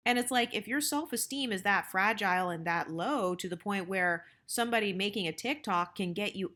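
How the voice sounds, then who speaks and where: A woman's voice: mid-range voice, normal speed, sharp tone. A woman hosting her channel, reading viewer comments aloud and answering them with emphatic, argumentative rhetorical questions. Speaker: channel host.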